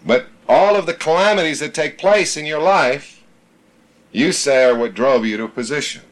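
A man's voice: fairly high pitch, normal speed. A man leading a small-group Bible study, teaching emphatically, repeating his points and reading scripture aloud.

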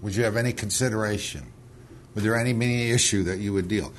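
Low-voiced male study leader, earnest and insistent, reads and pushes hard. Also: quick pace. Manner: earnest, pressing, repeats words when urgent. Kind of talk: scripture reading and heated discussion.

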